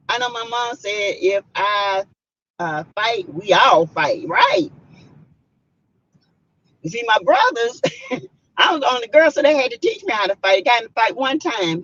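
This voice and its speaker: A middle-aged woman with a Southern US accent, chatting casually on a live stream and reading viewer comments aloud, emphatic and animated when telling stories. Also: a little high, normal speed, breathy edge, lo-fi sound. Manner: emphatic, animated storytelling with loud bursts. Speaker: vlogger reading live chat.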